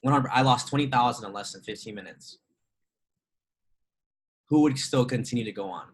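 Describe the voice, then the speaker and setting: This is a man speaking at an ordinary, mid-range pitch, in a loose and conversational way. He teaches trading and talks with heavy emphasis, driving his points home with rhetorical questions and frequent laughter. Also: normal speed, low-quality recording. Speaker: trading educator. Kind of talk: casual motivational talk.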